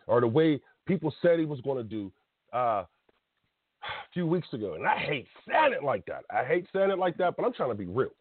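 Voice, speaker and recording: A man's voice: a little high, dry recording. A man in his thirties hosting a call-in wrestling show, ranting bluntly and emotionally with laughs and restarts. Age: 30s. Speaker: podcast host. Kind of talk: casual call-in wrestling talk. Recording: dry phone-line sound.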